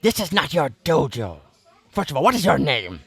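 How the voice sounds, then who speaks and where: A man's voice: on the high side, very animated, normal speed, vocal fry, fairly bright tone, slightly rough, dry recording, exaggerated voice. A man voicing a pompous, self-important male sorcerer who keeps repeating his own title.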